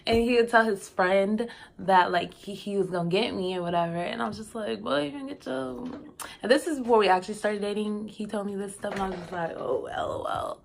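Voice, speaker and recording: A woman's voice: mid-range voice, quick pace, a little hiss or hum. Chatty young woman telling a story. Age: young adult. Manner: chatty, expressive, slangy, laughs often. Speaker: vlogger. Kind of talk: casual storytime.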